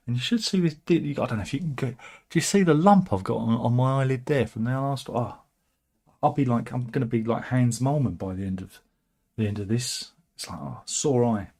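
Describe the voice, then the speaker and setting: A man's voice: medium pitch, darkish tone. A man hosting a casual, satirical news commentary, wry and chatty with frequent asides. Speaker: host.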